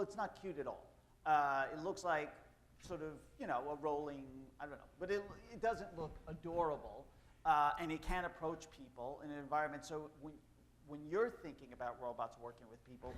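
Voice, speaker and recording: A man's voice: on the high side, slight background noise. A man moderating a live panel on stage, talking loosely with many fillers as he directs guests and asks questions.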